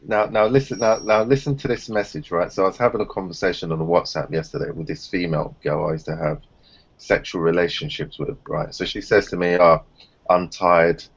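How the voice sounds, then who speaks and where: Deep guy chatting on a muffled video call, tells stories lively. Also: a little fast, gravelly, husky. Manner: animated storyteller, acts out others in high voices. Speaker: round table panelist. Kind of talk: casual group chat. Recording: dull lo-fi call audio.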